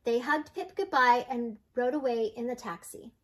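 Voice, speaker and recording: An older woman reads a children's picture book aloud, clear and steady. Her voice sits high and friendly. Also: moderate pace. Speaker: storyteller.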